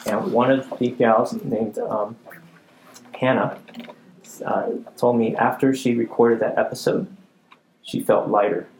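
A man hosting a podcast, giving a measured talk sprinkled with "uh" fillers. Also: mid-range voice, steady tone, darkish tone, roomy sound, a little hiss or hum, low-quality recording. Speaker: podcast co-founder and host. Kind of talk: talk presentation.

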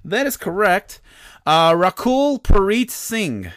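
A man's voice: high-pitched, very animated, slow pace, fairly bright tone, no room sound, clean studio sound. A man hosting a comedy podcast, reading quiz questions in a playful, mock-serious way. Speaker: podcast host.

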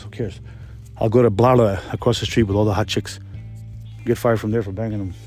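Fast-talking profane man rambling casually. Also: lowish voice, a little mellow. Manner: profane, rambling, laid-back. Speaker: podcast host, restaurant cook. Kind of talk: casual solo storytelling.

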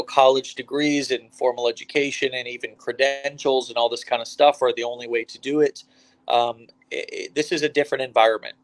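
A man from the United States hosting an online interview over the phone, upbeat and chatty with lots of fillers and restarts. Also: mid-range voice. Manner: energetic, hype opening, many fillers and restarts. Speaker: host.

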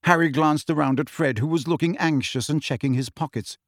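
A man reading an audiobook aloud in an expressive storytelling manner. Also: a little high, fairly quick, dry recording, studio quality. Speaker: audiobook narrator. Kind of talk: scripted audiobook narration.

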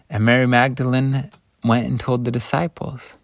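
Animated man retelling scripture. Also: mid-range voice, normal speed, no room sound, studio quality. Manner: animated storytelling, swinging between hushed and lively. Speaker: scripture teacher.

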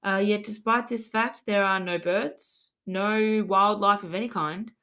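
A woman's voice: medium pitch, steady tone, a little slow, bright, forceful tone. A woman hosting a podcast, telling a spooky local legend in a chatty, giggly way and reading out old quotes with asides. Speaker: podcast host. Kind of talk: casual storytelling chat.

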